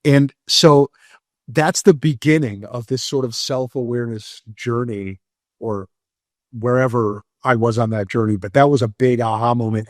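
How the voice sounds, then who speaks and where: A man's voice: medium pitch, darkish tone, no room sound, clean studio sound. A man in his forties from Moldova, a podcast guest telling a personal story with many fillers and restarts, on the edge of tears. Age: 40s. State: near tears.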